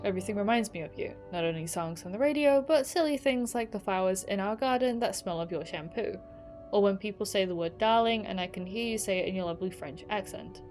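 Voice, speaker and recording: Woman reading out a young 1940s woman's love letters, tender, mid pitch, plain reading. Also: fairly quick, a little mellow, soft background music, natural voice. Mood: longing. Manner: reading aloud, tender then resigned. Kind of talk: reading game letters aloud.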